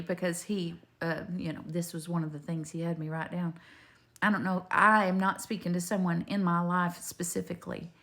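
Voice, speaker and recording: An older woman, talking straight to her viewers in a rambling, homespun faith video full of digressions. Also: fairly low pitch. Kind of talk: rambling faith testimony to camera.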